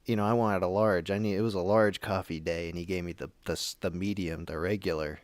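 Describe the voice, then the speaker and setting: A man's voice: deep voice, fairly even intonation, fairly quick, no room sound. A man calling in to a talk show, telling a story in a rambling, casual way with many restarts. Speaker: caller.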